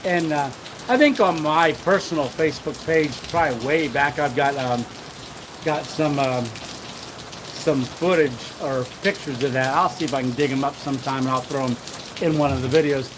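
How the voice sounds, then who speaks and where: A man's voice: on the high side, normal speed. A middle-aged man hosting a casual live stream, telling a rambling story with chuckles and lots of fillers. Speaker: channel host. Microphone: handheld camera. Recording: rain noise behind voice. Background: rain.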